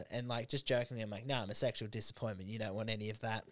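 A man's voice: lowish voice, fairly even intonation, fast talker, a bit bright, dry recording. A young Australian man co-hosting a podcast, telling crude stories with a laugh and acting out what others said. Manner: laughing storyteller, acts out quotes. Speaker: podcast co-host. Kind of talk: casual crude podcast banter.

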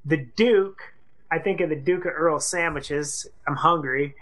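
A woman's voice: low voice, measured pace, fairly bright tone. A woman co-hosting a radio show, chatting playfully and cracking jokes. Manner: playful, jokey, puts on silly voices. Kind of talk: casual radio banter.

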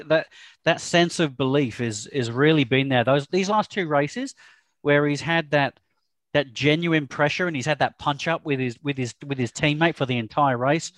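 A man, hosting a casual motorsport chat with a lively, joking manner. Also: a little high, no room sound. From Australia. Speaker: podcast host.

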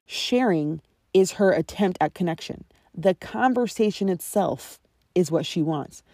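A woman's voice: on the low side, animated, unhurried, warm tone, dry recording, studio quality. A woman in her thirties, a friendship coach hosting her own podcast, explaining in a conversational, instructive way and often checking in with her listeners. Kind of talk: solo podcast teaching monologue.

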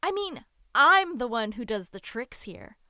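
A woman's voice: on the high side, big pitch swings, unhurried, sharp tone, dry recording, studio quality, full character voice. A woman voicing a haughty, sly female fox spirit who turns indignant when teased.

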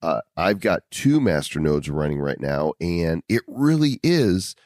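A man's voice: sits low, sing-song, unhurried, darkish tone, no room sound, clean studio sound. A man hosting a podcast in casual chat, joking and wordplaying while he reads sponsor lines. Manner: playful, punning, reads sponsor ads. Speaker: podcast host.

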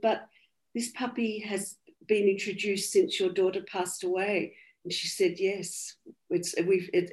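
An Australian woman, a medium, earnestly retelling a reading in an interview and quoting what was said. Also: mid-range voice. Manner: earnest, soft-spoken retelling with quoted dialogue. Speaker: medium, guest. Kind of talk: personal storytelling in interview.

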